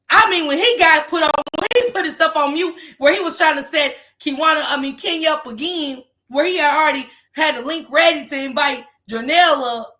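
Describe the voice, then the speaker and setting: On her casual commentary livestream, a woman gossips and laughs with profane energy at a normal speed. Her high voice sounds bright and sharp as she rambles, apologizes and keeps making herself laugh.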